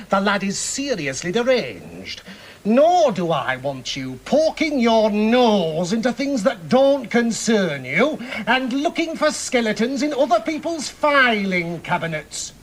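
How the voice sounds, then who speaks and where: An actor playing a blunt, boastful, middle-aged self-made millionaire knight with a Yorkshire accent, in a sitcom. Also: male voice, sits high, full character voice. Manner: blunt, bombastic, plain-speaking. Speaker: hospital benefactor. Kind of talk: 1980s sitcom acting.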